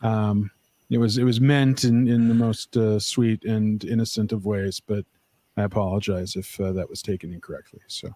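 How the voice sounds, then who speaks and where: A man co-hosting a live stream in casual chat, easygoing and often pausing on fillers. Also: on the low side, fairly even intonation, mellow, no room sound. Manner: easygoing, many fillers and restarts. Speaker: livestream co-host.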